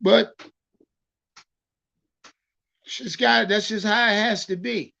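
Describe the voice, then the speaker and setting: A man hosting a casual livestream about football, talking in an animated, profane way and repeating words as he starts his thoughts. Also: sits high, normal speed, gravelly. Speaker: livestream sports host.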